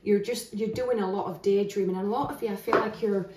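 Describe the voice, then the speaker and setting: A woman talks through a tarot spread in a chatty, earnest way, often restarting her sentences as she thinks aloud. Her voice sits at a middle pitch. It rings in a roomy space and sounds a little off-mic. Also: fairly even intonation, quick pace, heavy background noise. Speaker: tarot reader. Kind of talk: casual spoken tarot reading. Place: indoors, standing at a table of cards. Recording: roomy echo, voice heard from a distance.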